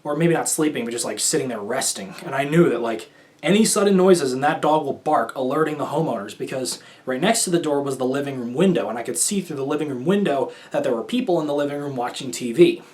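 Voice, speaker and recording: A man's voice: medium pitch, expressive, fast, darkish tone. A young man from the United States telling stories as a show host in casual solo talk, rambling and hesitant, with many fillers and restarts.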